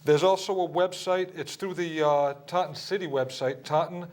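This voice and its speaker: A man hosts a local cable talk show in a friendly, plain-spoken manner. His voice sits slightly higher than most men's. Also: steady tone, normal speed, darkish tone. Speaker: cable access show host.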